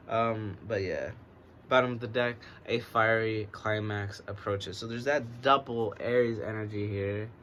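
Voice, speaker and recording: American guy doing a fake english accent, laid-back card reading, bit of background hiss. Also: fairly low pitch. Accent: American trying an English accent. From United States. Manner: rambling, relaxed, with a self-described stutter and a put-on English-tinged accent. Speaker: oracle card reader. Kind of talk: casual divination reading.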